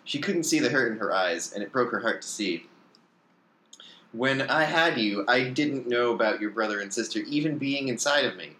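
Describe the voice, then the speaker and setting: A man reads a story aloud in a middle-pitched voice. He lifts his pitch and pushes harder for the characters' lines, now and then stumbling and starting a line over. The room around him is echoey. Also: expressive, moderate pace, bright, forceful tone. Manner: reads character lines with raised pitch and emphasis, occasional slips and restarts. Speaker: reader of fan fiction.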